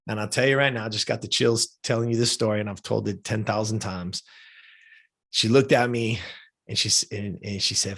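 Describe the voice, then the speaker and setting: A man's voice: on the low side, moderate pace, a bit bright, slightly rough. A man of fifty, a podcast guest, telling a personal story in a heartfelt, casual way, often checking in with "right?" and "you know?". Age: 50s.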